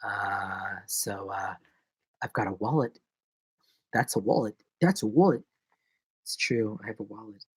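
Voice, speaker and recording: A young adult man, an actor and vlogger, chatting casually on a live stream in a jokey, rambling way, jumping between loud bursts and low mumbles. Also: unhurried, pauses often, slightly rough, no room sound.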